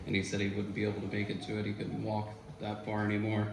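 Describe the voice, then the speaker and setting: Rambling low-voiced man in an echoey room. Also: monotone, fast, vocal fry. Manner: conversational, rambling, with fillers and quoted voices. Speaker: former student giving a tribute. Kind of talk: casual storytelling tribute at a memorial. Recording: echoey room with faint noise.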